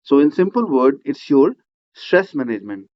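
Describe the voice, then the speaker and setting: A man's voice: mid-range voice, big pitch swings, moderate pace. Man teaching, dull lo-fi sound. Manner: explanatory, frequent "right?" checks and "uh" fillers. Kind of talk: classroom lecture. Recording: slightly dull lo-fi recording.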